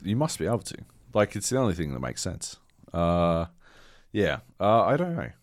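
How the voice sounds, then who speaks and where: A man's voice: deep voice, sing-song, moderate pace, no room sound, studio quality. A man co-hosting a podcast, telling a rambling, profane story with dramatic quoted asides, still carrying a slight cough. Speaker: podcast co-host. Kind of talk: casual chat.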